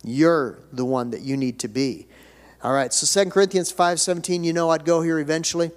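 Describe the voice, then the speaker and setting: A man's voice: on the high side, brisk. Folksy older male pastor in a hall. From United States. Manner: folksy, conversational, rising to emphatic declarations. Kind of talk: sermon. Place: church sanctuary. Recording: reverberant church hall.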